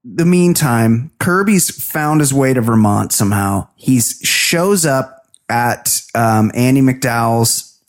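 A man's voice: mid-range voice, animated, takes it slowly. A man co-hosting a comedy podcast, recapping a film in a loose, rambling way and acting out the characters' lines. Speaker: podcast co-host. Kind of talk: casual comedic movie recap.

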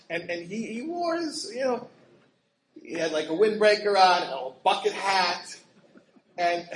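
A man with a high voice tells a story with lively energy and frequent laughter. He jumps sharply up in pitch whenever he acts out what someone said. The recording has a roomy echo and a faint hum of ambience. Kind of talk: animated storytelling talk.

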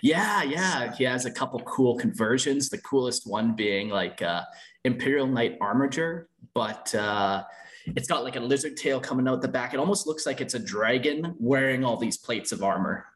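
A young man hosting a laid-back podcast, reading fan fiction aloud. He curses freely and stumbles here and there, with a middle-of-the-road pitch. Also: expressive, normal speed, fairly bright tone. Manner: loose and profane, stumbles when reading. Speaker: podcast host.

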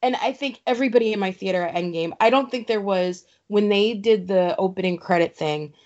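Animated woman telling stories. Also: mid-range voice, a little fast. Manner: animated, emphatic storyteller. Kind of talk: casual chat. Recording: slightly dull lo-fi sound.

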